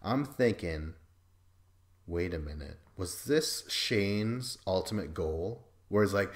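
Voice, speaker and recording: A man's voice: low-pitched, animated, slow. A man hosting a podcast, recapping a reality show in a loose, profane, joking way, full of fillers and quoted asides. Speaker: podcast host. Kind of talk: casual recap chat.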